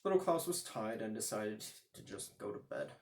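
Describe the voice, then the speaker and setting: A man narrating a children's fairy tale in a dramatic, animated way. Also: on the low side, normal speed. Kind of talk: storytelling for children.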